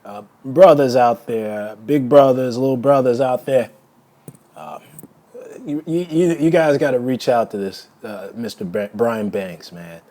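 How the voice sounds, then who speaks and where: A man's voice: mid-range voice, measured pace, dark tone. A man giving a heated solo video rant. He repeats words and restarts phrases as he gets emotional. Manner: angry, insulting, repeats words. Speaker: vlogger.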